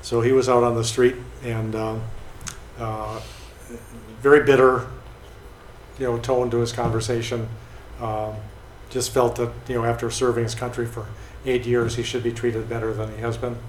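A man's voice: medium pitch, level tone, normal speed. A man casually telling stories about people he has met, with many fillers and restarts. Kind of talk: casual storytelling. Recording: echoey room with faint noise.

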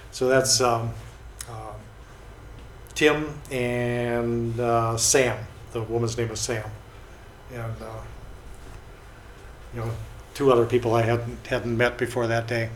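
A man casually tells stories about people he has met, with lots of fillers and restarts. His medium-pitched voice moves little in pitch, he takes it slowly and pauses often, and the room is echoey with faint noise.

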